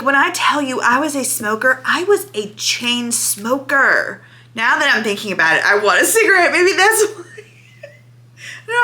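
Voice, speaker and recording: A woman's voice: on the low side, bright, forceful tone. A woman in her thirties talking candidly and emotionally in a casual reaction vlog to her channel's viewers. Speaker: vlogger.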